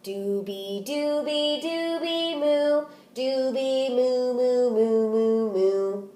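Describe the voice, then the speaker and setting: A woman voicing a herd of crooning barnyard cows, stretching each sound slowly. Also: high voice, warm tone, echoey room, soft background music. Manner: slow drawn-out crooning.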